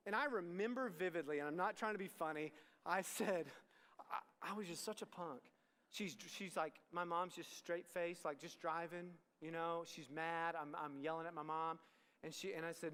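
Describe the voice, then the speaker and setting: A middle-aged man from Texas gives a youth sermon in a candid, conversational way, often restarting his sentences and turning to the crowd. His voice sits high for a man. It rings out with the long reverb of a big worship hall. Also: brisk, a bit bright. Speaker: student ministry pastor.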